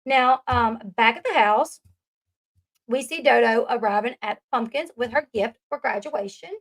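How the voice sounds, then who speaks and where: A woman's voice: fairly high pitch, unhurried. A woman giving a casual, chatty recap commentary, full of fillers and asides. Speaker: commentary vlogger.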